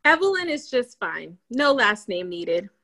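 A woman's voice: mid-range voice, big pitch swings, measured pace, sharp tone. A young woman, a guest on a podcast, telling stories in casual chat and laughing often.

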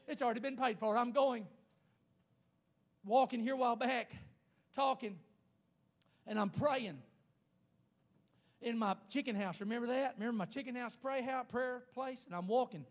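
A man preaching a sermon, emphatic and repetitive, rising to shouts at times. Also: very high voice. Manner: pauses to speak in tongues.

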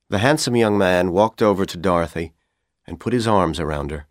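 A man whose first language is Persian narrates an audiobook in an expressive storytelling manner. His voice sits low with lively, swooping intonation. The recording is dry and close to the mic. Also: fairly quick, no echo. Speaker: audiobook reader.

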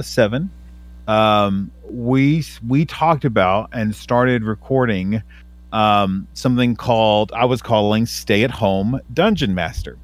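A man's voice: medium pitch, no room sound. A man in his thirties chatting casually on a podcast, hesitant with many fillers and restarts. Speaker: podcast co-host. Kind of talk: casual chat.

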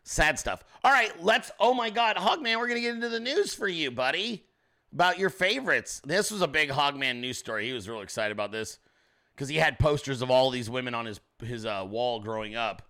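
A man's voice: medium pitch, brisk, sharp tone. A man hosting his own show, in brash, crude, rambling casual commentary, talking straight to his chat viewers. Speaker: show host.

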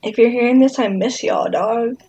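A woman's voice: on the high side, moderate pace, warm tone, husky, rough recording. A young woman casually chatting and telling a story to friends in a laid-back, giggly way. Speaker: friend in group chat.

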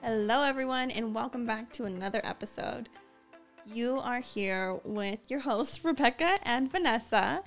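A young woman co-hosting a casual podcast chat, laid-back with dry, low-key teasing. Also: moderate pace, faint music behind. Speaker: podcast co-host.

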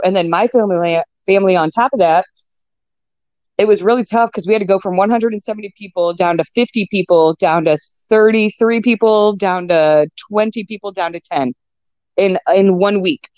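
A woman's voice: medium pitch, darkish tone, no room sound. A young adult woman in casual chat as a guest, rambling with fillers and restarts. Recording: dull lo-fi sound.

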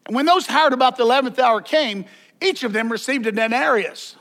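A man's voice: very high-pitched, a little fast, a bit bright. A man preaching a sermon as pastor, conversational, with joking asides and repeated words.

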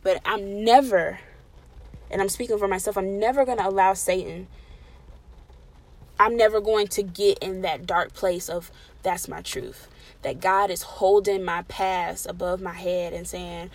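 A woman in the middle of a sermon, preaching with real passion. Her voice sits at a medium pitch and surges loud on declarations, then drops soft and close when she pleads. She repeats her key phrases over and over for emphasis. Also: unhurried. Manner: impassioned, shifting between loud emphasis and soft intimate pleading.

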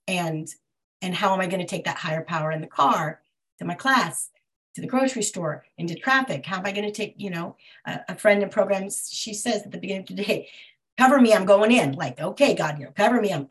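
A middle-aged woman speaks over a video call, sharing her experience at a recovery meeting. She talks haltingly, often breaking off and restarting as she searches for the right words. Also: medium pitch.

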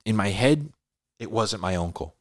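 A man, a podcast host, casually telling a story in a laid-back way, dropping "dude" and "like" often and building drama with pauses. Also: on the low side, no room sound, clean studio sound. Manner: animated, dramatic retelling with pauses.

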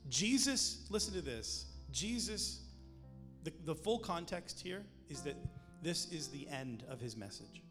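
A man's voice: a little high, lively intonation, a little slow. A man preaching a sermon in a conversational way, with jokes and emphatic points. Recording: long hall reverb with music behind.

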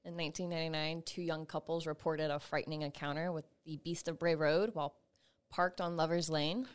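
Low-voiced woman podcast co-host. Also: little pitch movement, fairly quick, smooth. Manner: laughs often, swears casually. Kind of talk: casual chat, reading witness reports.

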